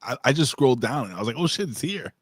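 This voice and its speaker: A man's voice: medium pitch, fast, husky, no echo. A man hosting a casual wrestling review show, joking and slipping into announcer-style hype. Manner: animated, announcer-style shouting bits. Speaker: show host.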